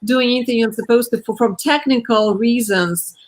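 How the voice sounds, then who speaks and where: A woman's voice: fairly high pitch, normal speed. A woman hosting an interview, enthusiastic and often asking "right?" to invite agreement. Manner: enthusiastic, repeats "fascinating" and "right?". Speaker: host. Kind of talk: interview talk.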